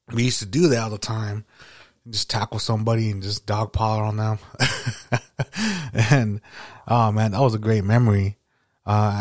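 A man's voice: on the low side, a little mellow, no echo, studio quality. A man hosting a podcast, chatting casually and nostalgically, rambling with lots of fillers and swearing. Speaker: podcast host.

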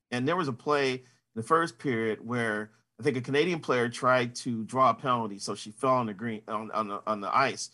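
A man's voice: medium pitch, fairly bright tone. A man in his fifties, a sportswriter, answering interview questions in a casual, rambling way full of "you know" fillers.

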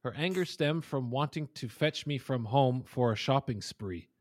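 A man's voice: mid-range voice, animated, normal speed. A man hosting a gaming podcast, reading a story aloud and breaking off for casual asides. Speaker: podcast host.

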